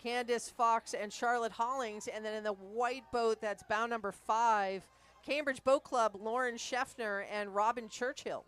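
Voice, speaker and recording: A woman commentating a rowing race live, briskly reading out the crews, their clubs and backgrounds. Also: fairly high pitch, fairly even intonation, a bit bright, smooth.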